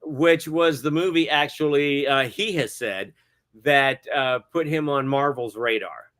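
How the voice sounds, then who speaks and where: A middle-aged man speaks as an interview guest, moving through his stories with plenty of hesitant fillers. His voice sits at an ordinary pitch, and his tone stays casual and chatty. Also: measured pace, a bit bright. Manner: rambling, many hesitant fillers, chuckles often. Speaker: guest cinematographer.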